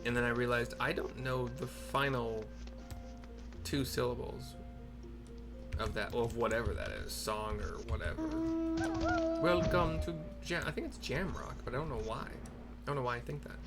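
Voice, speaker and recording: A man's voice: medium pitch, moderate pace, pauses often, loud music behind the voice. A man casually narrating a game for listeners, rambling and correcting himself with chatty asides. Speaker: game narrator and audio describer.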